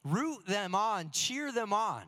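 Male pastor, fairly high voice, earnest sermon delivery with slow emphatic lines, reverberant sanctuary sound. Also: big pitch swings, bright, forceful tone. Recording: long hall reverb.

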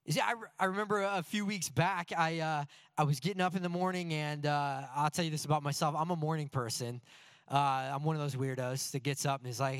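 A man's voice: a little high, brisk, dry recording, studio quality. A man in his thirties preaching a sermon as pastor, telling stories and asking rhetorical questions with plenty of energy. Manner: lively storytelling with rhetorical questions.

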